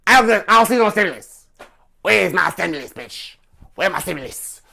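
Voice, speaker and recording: A man's voice: high-pitched, animated, normal speed, gravelly, bright, forceful tone. A man hosting a live stream, ranting with profanity and firing off repeated rhetorical questions. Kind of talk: angry political rant on a live stream.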